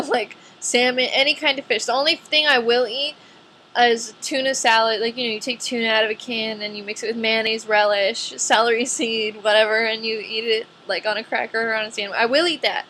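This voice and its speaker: Young woman vlogger, nineteen, casual and chatty, bright tone, light background noise. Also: fairly high pitch. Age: young adult. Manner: chatty, says "like" a lot. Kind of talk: casual chat to camera.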